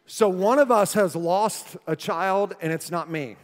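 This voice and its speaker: A male pastor preaching a sermon, telling a family story with jokes and then turning earnest and soft. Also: high voice, measured pace. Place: church hall. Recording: reverberant church sanctuary.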